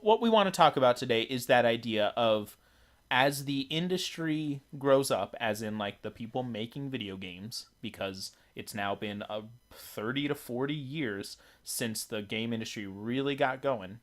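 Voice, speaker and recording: A man's voice: medium pitch, normal speed. A man co-hosting a casual chat, talking in a rambling way with many fillers and restarts. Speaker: podcast co-host. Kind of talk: casual chat about video games.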